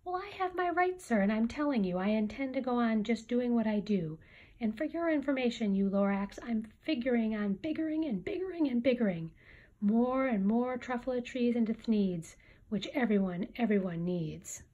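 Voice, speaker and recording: A woman's voice: fairly high pitch, animated, normal speed, dark tone, muffled recording. Woman reading as a blustering greedy businessman. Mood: defiant. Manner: indignant, blustering. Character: greedy defiant male factory owner. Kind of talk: reading a picture book aloud.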